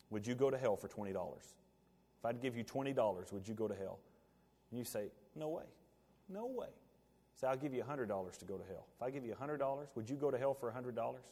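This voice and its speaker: Male pastor, mid-pitched, preaching with big dynamic swings in a reverberant sanctuary. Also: quick pace. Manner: rising to emphatic peaks, then dropping to quiet asides. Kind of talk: sermon. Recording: long hall reverb.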